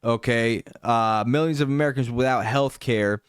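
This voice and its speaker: A young man hosts a reaction show and rants in a casual, profane, mocking way. His voice is smooth and clear. The sound is dry and close, with no room around it. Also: normal speed, no echo. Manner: profane, mocking, mimics opponents in high voice. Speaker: commentary show host. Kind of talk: reaction commentary.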